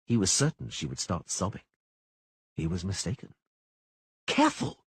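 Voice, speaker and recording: A man narrating an audiobook in a dramatic, lively reading style. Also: low-pitched, normal speed, creaky, husky, dry recording. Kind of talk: scripted narration.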